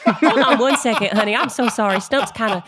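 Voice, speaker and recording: A woman's voice: on the high side, a little fast, noisy background, close to an everyday voice. A woman voicing a sugary, folksy character who calls everyone honey.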